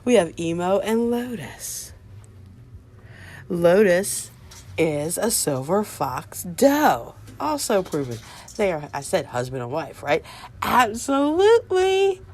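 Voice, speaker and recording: A woman showing her new rabbits outdoors beside the hutches on her farm, chatting casually to the camera and cooing softly at the animals. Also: mid-range voice, very animated, takes it slowly. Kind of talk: casual vlog walk-through.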